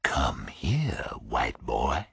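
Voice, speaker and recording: A hulking, menacing prison gang bully taunts in a low, quiet drawl, as a male audiobook narrator puts him on. The voice sits well below the reader's own and stays husky. It comes across dry and close, with no room around it. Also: very animated, slow pace, no echo, heavily acted. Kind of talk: audiobook character voice.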